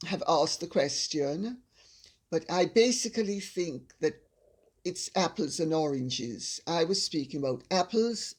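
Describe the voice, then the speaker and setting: An older woman with a Jamaican accent, answering viewer questions in a measured, assured casual chat. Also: sits low.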